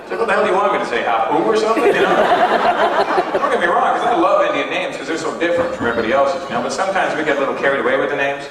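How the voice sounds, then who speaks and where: A young man from Canada performing an animated stand-up set, acting out voices and characters. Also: on the high side, very fast. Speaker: stand-up comedian. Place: large indoor hall with audience. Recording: echoey hall, far from mic, noisy old tape.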